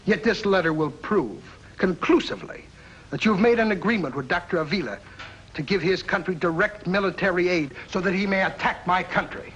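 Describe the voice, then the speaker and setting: An actor playing a scheming, accusatory foreign diplomat in a 1950s TV drama. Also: male voice, high-pitched, brisk, a bit bright, dull audio. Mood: accusing. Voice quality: mocking, accusatory. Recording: old TV soundtrack with faint hiss.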